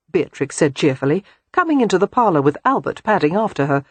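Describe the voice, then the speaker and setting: A woman narrating an audiobook in a measured, expressive reading. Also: fairly low pitch, husky, no room sound. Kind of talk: scripted narration.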